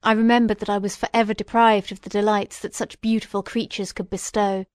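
Woman audiobook reader, measured and solemn, very dry close sound. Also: mid-range voice, little pitch movement, no echo. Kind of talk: literary reading aloud.

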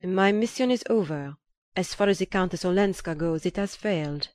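A woman voicing an earnest, humble young Frenchman who speaks with quiet, pleading insistence. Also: lowish voice, normal speed, no echo, clean studio sound, lightly acted.

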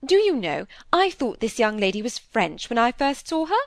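A woman voicing a kindly, genteel lady at a grand dinner, polite and gently curious, in a storybook reading. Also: fairly high pitch, sing-song, normal speed, dry recording, pitched above the performer's own voice.

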